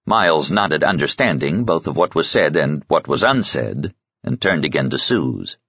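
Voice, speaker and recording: Deep-voiced husky male narrator. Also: very animated, moderate pace, a bit bright, no echo. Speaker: audiobook narrator. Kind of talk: scripted narration. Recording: slightly muffled sound.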